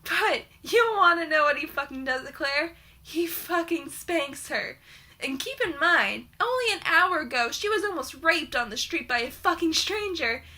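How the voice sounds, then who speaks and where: A young woman with a high, very bright voice tears into a book in a heated, sarcastic rant, swearing in almost every sentence. Her delivery stays high and piercing as the rant goes on. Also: animated, normal speed. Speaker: book reviewer.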